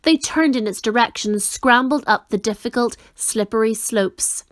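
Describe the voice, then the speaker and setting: A woman reads a children's novel aloud with expressive storytelling. Her voice sits slightly high. The recording is dry and close. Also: moderate pace, dry recording. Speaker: reader.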